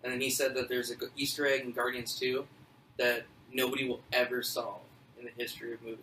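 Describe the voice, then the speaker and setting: A man's voice: medium pitch, level tone, a little fast, pushed and bright. A young man co-hosting a casual podcast, teasing and full of movie trivia. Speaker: podcast co-host. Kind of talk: casual chat. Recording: echoey room, faint noise.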